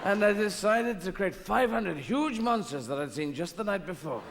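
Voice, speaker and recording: A man's voice: sits high, expressive, moderate pace, gravelly, very noisy, pitched above the performer's own voice. A man doing God as a pompous old man. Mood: lofty. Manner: pompous and lofty, doing a famous actor's voice. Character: God the Father, grand, lazy, stoned old man. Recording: live theatre with hall reverb.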